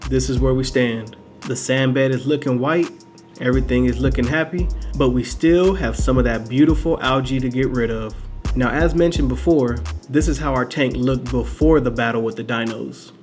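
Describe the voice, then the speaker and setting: A man in a mid-range voice narrates his home hobby video with an upbeat, playful manner. He drops into relaxed slang as he signs off, over faint music underneath. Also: medium pitch, normal speed. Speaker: aquarium hobbyist vlogger.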